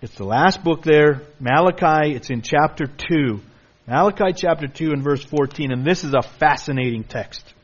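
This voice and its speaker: A man preaching a sermon emphatically, reading scripture aloud and sometimes mimicking excuses in a higher voice. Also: normal speed, lo-fi sound. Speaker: pastor.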